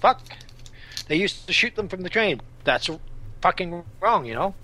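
Man, higher-pitched voice, blunt, cursing, casual podcast chat. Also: sing-song, unhurried, bright, forceful tone. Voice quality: swears freely, blunt, reads aloud with emphasis. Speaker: podcast co-host.

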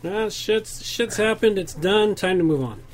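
A man's voice: sits high, a little slow, a little hiss or hum. A man hosting a podcast, steering the talk casually with plenty of hesitation. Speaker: podcast host. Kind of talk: casual chat, steering segments.

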